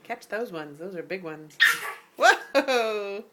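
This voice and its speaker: A woman's voice: mid-range voice, lively intonation, slow pace, background noise. A mother in her bathroom at bath time, patiently coaxing her toddler to say words, repeating prompts in a sing-song way. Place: home bathroom by the bathtub.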